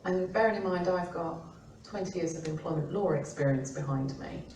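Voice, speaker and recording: A middle-aged woman from the UK talks through employment law in a chatty, informal way, acting out the things people say to her. Her voice is mellow and sits a little low. She sounds a bit distant from the mic, in a roomy space with faint background ambience. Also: moderate pace, slight background noise. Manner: chatty, acts out quotes in lively voices. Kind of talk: informal expert talk.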